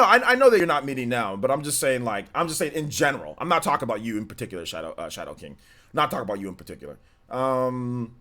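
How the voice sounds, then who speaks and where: A man's voice: medium pitch, pushed and bright. A man from the United States hosting a casual live gaming stream, chatty and slangy, talking straight to his viewers.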